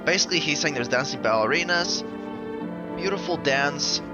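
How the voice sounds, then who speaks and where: A man's voice: a little high, animated, normal speed, lo-fi sound. A man hosting a gaming channel, casually commenting as he plays a horror game, rambling and swearing now and then. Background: game music.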